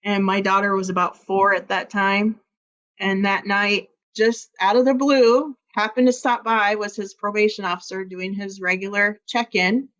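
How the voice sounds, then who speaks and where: A woman's voice: medium pitch, level tone, normal speed, a bit bright, muffled recording. A woman from Iowa, a podcast guest, candidly telling a personal story and acting out quoted dialogue.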